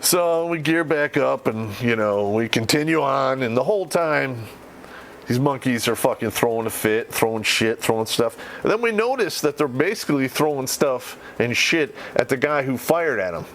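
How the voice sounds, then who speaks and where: A man's voice: medium pitch, animated, moderate pace, fairly bright tone, slight background noise. A middle-aged man who swears freely while casually telling a war story on a podcast and laughs as he goes. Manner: profane, laughs through the telling.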